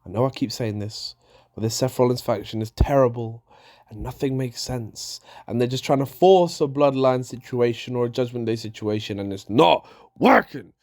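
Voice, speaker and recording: A man giving a casual, exasperated rant reviewing a wrestling show, animated, with frequent restarts. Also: medium pitch, normal speed.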